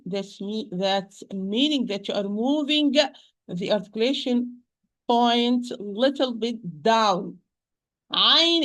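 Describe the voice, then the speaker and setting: A woman with an Arabic accent gives a slow, careful pronunciation lesson, repeating each sound several times. Her voice sits a little high, and she speaks gently to her listeners as dear sisters. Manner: patient, repeats sounds slowly to demonstrate. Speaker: Quran recitation teacher.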